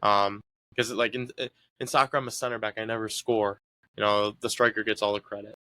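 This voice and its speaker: A man's voice: on the low side, little pitch movement, a little fast, pushed and bright, no echo. A young man being interviewed about his sports years, talking in an easygoing, rambling way with lots of fillers. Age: young adult. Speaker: guest, college soccer player. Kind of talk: casual interview talk.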